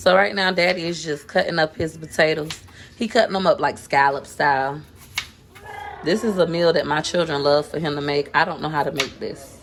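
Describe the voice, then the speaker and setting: Speaking at normal speed in a low voice, a chatty, teasing mother and vlogger from Tampa, Florida, addresses viewers casually from her home kitchen, filmed on a handheld phone. Audio is poor with slight background noise.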